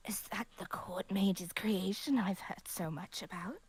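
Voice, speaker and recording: A woman voicing a mysterious, sly stranger in a whispered role-play, speaking in hushed, mocking tones. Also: medium pitch, measured pace, husky, no echo. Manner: hushed, mocking, ominous warnings.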